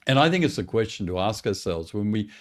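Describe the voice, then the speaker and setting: Animated man coaching church leaders. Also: fairly low pitch, quick pace. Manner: animated, encouraging, conversational. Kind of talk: teaching webinar talk.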